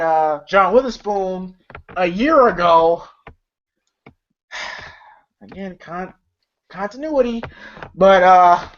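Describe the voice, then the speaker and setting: A man's voice: high voice, fairly bright tone. A man casually recapping a movie scene by scene, rambling, restarting and laughing often. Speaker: movie reviewer. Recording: dull lo-fi recording.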